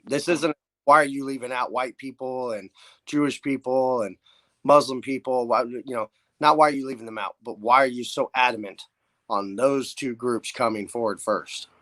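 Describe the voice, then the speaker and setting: A man from upstate New York, co-hosting a podcast, making his points in opinionated, drawn-out talk. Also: medium pitch, fairly even intonation, fairly bright tone, dry recording. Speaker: podcast co-host.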